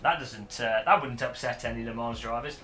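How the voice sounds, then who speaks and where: A man's voice: medium pitch, fairly quick, pushed and bright, soft background music. A man on a casual livestream, joking, swearing and mocking himself while setting up gear. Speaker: streamer.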